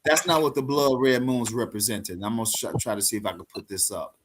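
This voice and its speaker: A man's voice: medium pitch, fairly even intonation, fast, slight background noise. Joking, teasing male teacher. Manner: jokey, scolding in fun, then rambling. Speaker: teacher of a congregation. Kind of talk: teasing live online teaching. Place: live online meeting with a congregation.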